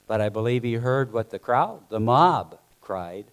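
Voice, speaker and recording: A man's voice: medium pitch, expressive, unhurried, few pauses. A man preaching a sermon, telling the story dramatically and acting out the scenes himself.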